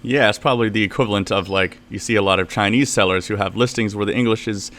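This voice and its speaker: A man with a low voice hosts a podcast interview in a casual, chatty manner. He laughs easily and keeps the talk loose as he sets up each question. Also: steady tone, quick pace, fairly bright tone. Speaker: podcast host.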